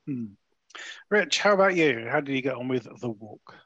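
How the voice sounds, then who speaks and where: A man hosting a podcast film discussion, asking others for their views and chatting in a halting way. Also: medium pitch, animated, a bit bright, no echo, lo-fi sound. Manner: short agreeing interjections, halting phrasing. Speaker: podcast host. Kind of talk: casual film review chat.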